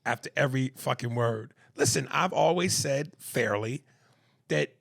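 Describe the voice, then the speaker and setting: A man with a New York accent co-hosting a comedy podcast, talking in profane, animated banter and reading listener messages aloud. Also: medium pitch, a little slow, gravelly. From East Coast of the US. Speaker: podcast co-host.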